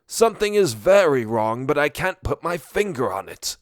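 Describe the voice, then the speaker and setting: Old male wizard, high and strained, grave and worried, voiced by a man. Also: big pitch swings, normal speed, dry recording, studio quality. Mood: uneasy.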